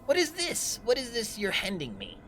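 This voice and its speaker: Man doing a drow villain, greedy, scheming, high, sly, loud, tabletop game voice. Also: huge pitch swings, moderate pace, slight background noise, full character voice. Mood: suspicious.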